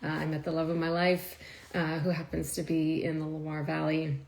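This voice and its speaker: A woman's voice: low-pitched, monotone, moderate pace, vocal fry, darkish tone, slight background noise. A woman chatting casually to viewers on a live stream, emotional and laughing often, with many fillers. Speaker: wine video creator.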